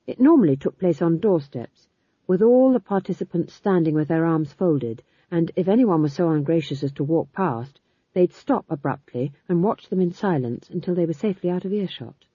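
A woman narrating an audiobook in an expressive, wry reading style. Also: lowish voice, normal speed, breathy edge, no room sound. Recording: slightly dull lo-fi recording.

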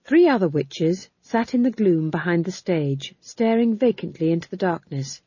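A woman narrates a story with a husky, low voice that rises and falls freely. The recording is dry and a little dull. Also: normal speed, dry recording. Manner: expressive storytelling. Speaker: audiobook narrator. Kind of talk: scripted narration.

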